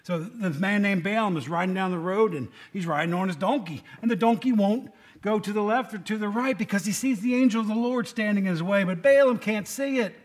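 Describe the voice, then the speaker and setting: A man's voice: high-pitched, fairly quick, hardly any pauses. A man giving a casual, joking sermon to a congregation, often asking them questions. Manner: chatty, joking, asks the room questions. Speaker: lay preacher.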